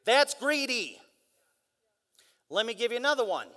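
High, bright-voiced man preaching. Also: very animated, unhurried, long pauses. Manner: preachy, rhetorical questions, acts out others in mock voices. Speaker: guest preacher. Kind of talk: energetic sermon. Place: large church hall. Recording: long church hall reverb.

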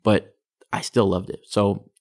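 A man's voice: on the low side, little pitch movement, a little slow, darkish tone. A young Canadian man, a guest telling his taekwondo backstory in a chatty, casual way, full of "like" and "you know". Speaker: guest, taekwondo athlete and sports psychology practitioner. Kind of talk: casual interview storytelling.

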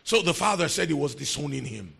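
A pastor preaches with a very gravelly, husky voice and a wide, animated pitch range. He repeats his points emphatically, swinging from quiet talk to shouting. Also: fairly quick. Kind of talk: sermon.

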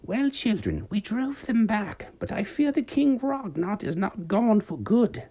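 A man voicing a kindly, motherly magical lady of the forest in a high, slow, quavering put-on voice, addressing children in a storybook. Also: very animated, warm tone, heavily acted. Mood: reassuring.

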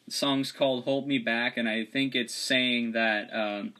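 A young man from Florida hosts a casual podcast. His voice is bright and mid-pitched. He moves steadily through segment intros and explanations. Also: steady tone, measured pace. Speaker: podcast host.

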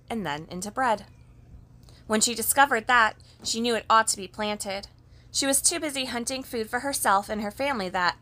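A woman reading a children's story aloud in an even, gentle storybook manner. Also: a little high.

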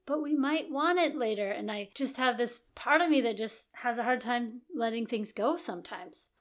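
A woman co-hosting a relaxed podcast about married life, her voice sitting a little on the higher side. She muses aloud in long, reflective sentences and weighs both sides of each point. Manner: thoughtful, reflective, talks in long musing sentences. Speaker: podcast co-host. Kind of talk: casual chat.

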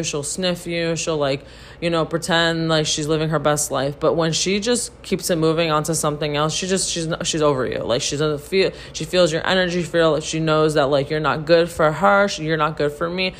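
A woman co-hosting a podcast, telling a story in casual, animated chat to her listeners, swearing freely and saying "like" a lot. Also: deep voice. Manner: animated, profane, heavy use of "like". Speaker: podcast co-host.

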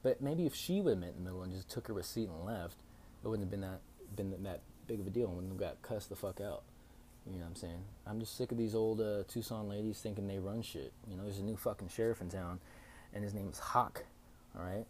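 A young man hosting a podcast, telling a story in a casual, profane, animated way with lots of fillers. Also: on the low side, fairly quick, slight background noise. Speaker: podcast host.

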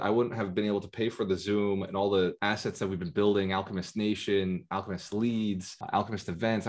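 A man hosting a business community meeting, upbeat and salesy, joking with the group. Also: lowish voice. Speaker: community host. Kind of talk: energetic group presentation.

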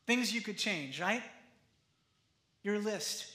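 A man pastor preaching a sermon in a conversational, animated way, often acting out the quotes. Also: high voice, slow pace, echoey room.

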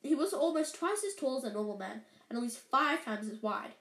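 A woman's voice: sits high, animated, a little fast, a bit bright. A woman reading a storybook aloud in an unpolished way, often stumbling and correcting herself. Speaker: reader. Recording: echoey room.

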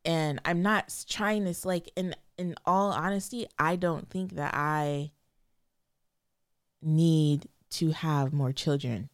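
A young woman with a low, gravelly voice talks in a casual podcast chat. She is emotional and hesitant, close to tears, and often searches for words. The sound is dry and close. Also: steady tone, slow pace, no echo. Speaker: podcast co-host.

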